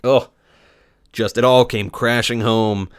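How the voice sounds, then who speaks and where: A man's voice: mid-range voice, steady tone, slow pace, clear, resonant tone, dry recording, studio quality. A man in his twenties, a game commentator telling a casual story in a sarcastic, profane way. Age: 20s.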